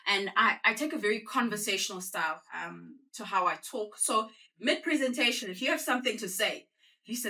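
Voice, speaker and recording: A South African woman giving a conversational talk to a live audience, throwing quick call-and-response questions at the room. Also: mid-range voice, bright, forceful tone, recorded from a distance. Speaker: guest speaker. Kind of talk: conversational presentation.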